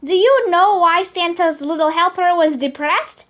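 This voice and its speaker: A high, bright-voiced reader plays a bald school principal cracking corny holiday puns and chuckling at his own jokes. The delivery is slow and unhurried, with a light, sunny tone. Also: expressive, heavily acted. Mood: jokey.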